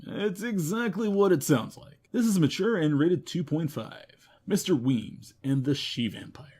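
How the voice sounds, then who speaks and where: A man hosting a game news show, running through a list of games with quick wry comments and self-mocking asides. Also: fairly high pitch, lively intonation, darkish tone, slightly rough. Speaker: host. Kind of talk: rapid game review roundup.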